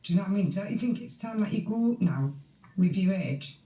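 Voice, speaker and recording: Woman on voice chat, blunt and sweary, mellow tone, echoey room. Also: mid-range voice, expressive, fairly quick. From Yorkshire, England. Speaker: voice chat participant. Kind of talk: heated casual chat.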